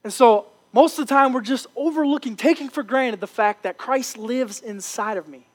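A man's voice: extremely high pitch, moderate pace, hardly any pauses. A man preaching a sermon with impassioned, repetitive phrasing. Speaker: pastor.

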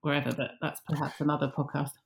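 A woman's voice: sits low, level tone, fast talker, gravelly. A woman in casual podcast chat, telling an anecdote and acting out the dialogue. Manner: chatty storyteller, acts out dialogue.

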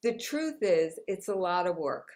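Speaking unhurriedly with a fairly low, darkish voice and big swings in pitch, a woman author takes part as a guest in a New York City interview. The chat is conversational, and she stays motivational and upbeat, often laughing.

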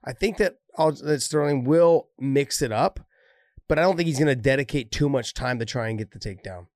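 A man's voice: medium pitch, brisk, darkish tone, no echo, studio quality. A man co-hosting a casual chat, joking and teasing his friends between fight talk. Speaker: podcast co-host.

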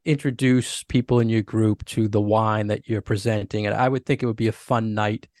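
A man's voice: fairly low pitch, steady tone, normal speed, darkish tone, no echo, clean studio sound. Easygoing man co-hosting a podcast. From United States. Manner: easygoing, rambling with restarts. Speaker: podcast co-host. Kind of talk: casual chat.

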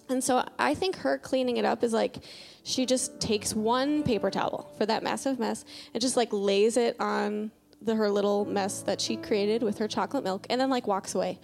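A woman delivers a chatty, story-driven sermon and leads her listeners in prayer. Her voice sits a little high with a gravelly fry, and she sprinkles filler words throughout. Soft instrumental music plays faintly behind her. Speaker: preacher leading prayer. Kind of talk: conversational sermon.

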